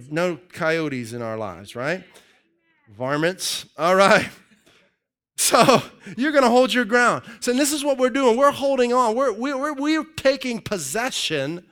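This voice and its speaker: A man preaching a sermon to his congregation in an energetic, joking way that keeps calling out to the crowd. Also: sits high, slow pace. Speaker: pastor.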